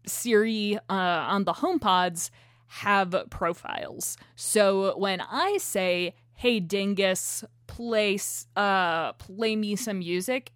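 A woman co-hosting a podcast in casual chat, animated and laughing often, often restarting her sentences as she talks into a shared microphone. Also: lowish voice, smooth, no echo, studio quality. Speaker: podcast co-host. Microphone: shared single microphone.

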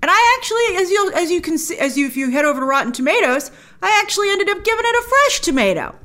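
A woman giving a casual film review to camera, chatty and animated, acting out her own reactions. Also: very high voice, fast talker.

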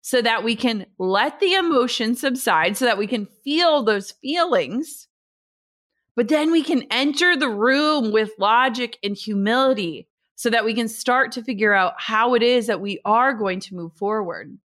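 A woman's voice: on the high side, a little slow. A woman in her thirties hosting a podcast, talking casually and earnestly and reading sponsor spots. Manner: earnest, animated storytelling. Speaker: podcast host. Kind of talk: casual podcast talk with read ads.

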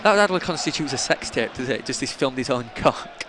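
A man's voice: mid-range voice, lively intonation, fairly quick, crowd noise, background noise. A young man with a Yorkshire accent co-hosting a podcast live from the stands at a football match, trading blunt, mocking banter. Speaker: podcast co-host. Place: outdoor football stadium stands. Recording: stadium music playing behind.

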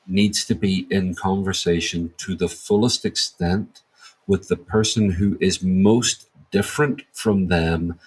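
A man's voice: low voice, breathy edge, low-quality recording. A man speaking as an interview guest, reflective and searching for words as he talks. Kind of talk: thoughtful interview answer.

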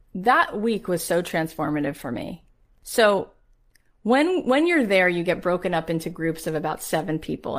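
A woman in her forties hosting a podcast, telling a personal story in an emphatic, motivational way and asking rhetorical questions. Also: fairly low pitch. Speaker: podcast host.

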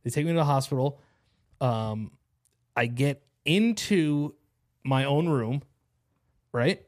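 A man's voice: medium pitch, slow. A young man hosting a podcast, telling a long story in casual chat, rambling and profane with lots of slang. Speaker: podcast host.

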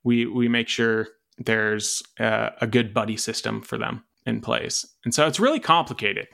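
A man from Michigan talks about running an animal sanctuary in an easygoing interview. His voice has a gravelly fry at mid pitch. He tells stories loosely, with plenty of uhs and restarts. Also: normal speed. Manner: relaxed, storytelling, with frequent fillers. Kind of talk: casual interview talk.

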